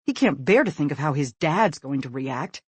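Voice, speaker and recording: Male audiobook narrator, expressive and husky, dry close recording. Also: fairly high pitch, moderate pace, no echo.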